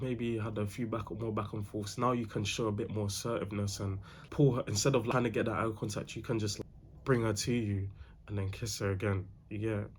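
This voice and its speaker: There's slight background noise as a young man with a mid-range voice gives casual dating advice. He's slangy, says things more than once, and calls the viewer bro.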